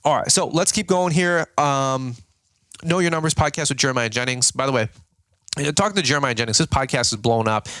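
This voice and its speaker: A man running a lawn care channel talks to his viewers in a loose, rambling way, tossing in "dude" and "okay?" as he goes. He speaks quickly and chattily. His voice sounds close and dry, with no room around it. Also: medium pitch, fairly bright tone, dry recording. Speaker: lawn care business host. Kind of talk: casual business update to viewers.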